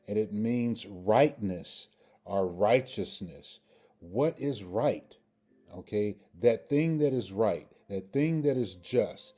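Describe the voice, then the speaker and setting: A man's voice: lowish voice, dark tone. A man teaching a recorded grammar lesson, patiently repeating pronunciations and checking in with "okay?" as he goes. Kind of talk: instructional video lesson.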